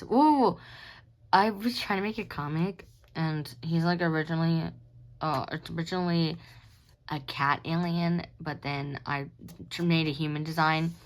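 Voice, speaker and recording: A young adult woman talks casually about her sketchbook, rambling and giggly, sleepy and yawning. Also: deep voice. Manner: rambling, giggly, self-mocking. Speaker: artist showing her sketchbook. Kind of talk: casual chat.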